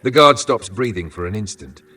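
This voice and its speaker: Bright-voiced male narrator over faint music. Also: fairly low pitch, animated, normal speed, slightly rough, far from the mic. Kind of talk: scripted dramatic story narration.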